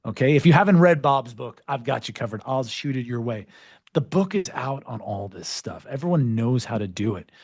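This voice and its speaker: A man hosting a podcast and presenting with an energetic, joking delivery, full of playful, self-mocking asides. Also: medium pitch, moderate pace, no echo, studio quality. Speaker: podcast host.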